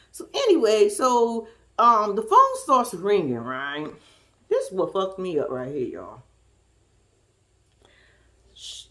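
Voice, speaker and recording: A woman talks through a reality TV episode with plenty of sass, acting out each person's lines as she goes. Her voice sits a little high and swings widely up and down. It is a lively, casual recap aimed at her viewers. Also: fairly quick. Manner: sassy, animated, acts out the cast's lines. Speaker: reality TV commentator.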